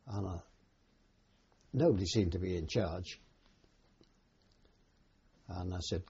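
A man's voice: low voice, creaky, dark tone, slightly rough. An older man, a war veteran, recalling his service in a plain, hesitant oral-history telling. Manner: plain unhurried storytelling with hesitations. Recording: dull lo-fi recording.

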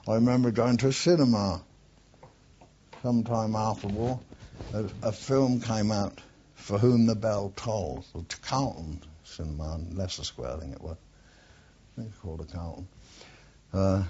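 A man's voice: fairly low pitch, normal speed, pauses often, dark tone, husky. An older man, a war veteran, bluntly reminiscing in an oral history interview, swearing often and drifting off topic. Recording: dull lo-fi archive tape.

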